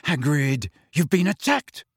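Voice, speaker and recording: A man's voice: a little high, sing-song, measured pace, vocal fry, breathy edge, dry recording, clean studio sound, heavily acted. A man voicing a blunt, cheeky teenage schoolboy in an audiobook, in a raised voice. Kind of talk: audiobook reading.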